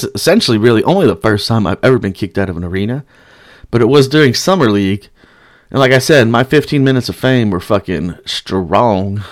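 A young man telling a rowdy story in casual, profane speech, breaking into loud chants and shouts. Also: mid-range voice, no room sound, studio quality.

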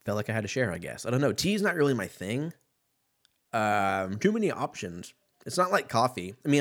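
A man's voice: on the low side, fairly bright tone. Laid-back, profane man in his thirties. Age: 30s. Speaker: podcast host. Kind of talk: casual solo podcast chat.

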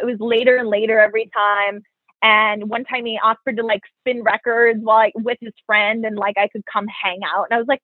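A young woman with a fairly high, husky voice tells a long personal story to a friend. She is frank and profane, and she quotes both sides of every exchange. The audio is dry, narrow and phone-like. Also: brisk, no echo. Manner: animated, profane, quotes people in her stories. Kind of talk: casual storytelling chat. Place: New York.

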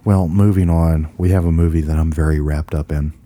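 A man with a very deep, dark voice talks briskly in a steady tone. Hosting a podcast, he's playful and jokey, teasing his co-host through casual banter while running through an old horror film.

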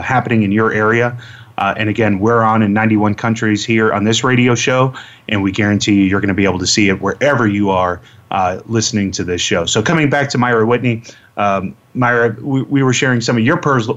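A man's voice: lowish voice, a bit bright. A man hosting a radio interview show, talking casually and rambling with lots of fillers and repeated words. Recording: dull lo-fi radio audio.

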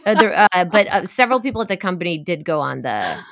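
A woman's voice: lowish voice, sing-song, fast, a bit bright, no room sound, studio quality. A young woman co-hosting a podcast, chatting loosely and telling stories with lots of fillers. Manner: chatty storyteller with many fillers and laughs. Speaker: podcast co-host. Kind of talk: casual chat.

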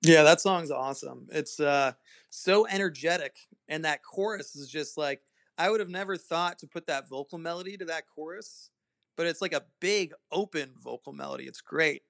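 A man's voice: fairly high pitch, moderate pace, creaky, fairly bright tone, no room sound. A young man guesting on a podcast, talking casually and eagerly about music with lots of "like" and "um". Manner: enthusiastic, filler-heavy, says "like" a lot. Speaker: guest band guitarist. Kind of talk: casual chat.

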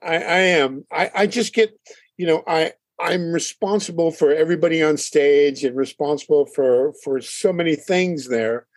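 Animated storytelling man, slightly high voice. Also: moderate pace, no echo. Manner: animated storyteller, acts out quotes, laughs often. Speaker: band leader and drummer. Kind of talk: casual interview chat.

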